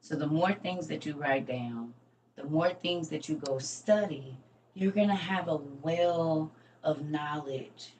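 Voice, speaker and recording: Slow and a little mellow, this low-pitched middle-aged woman hosts and teaches on a relaxed livestream, wandering off in homespun tangents. Her distant mic catches some faint noise behind her.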